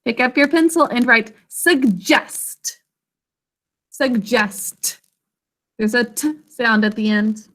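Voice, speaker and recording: A woman's voice: a little high, slow pace, fairly bright tone. A woman teaching an online literacy lesson over a video call, carefully sounding out words and encouraging her students.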